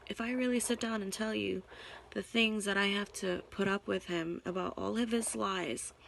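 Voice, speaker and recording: A young woman talking straight to her camera in an emotional confessional vlog, tearful and halting, repeating herself and sighing. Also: medium pitch, fairly even intonation, gravelly, fairly bright tone, a little hiss or hum. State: tearful, on the verge of crying. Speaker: vlogger. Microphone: camera mic.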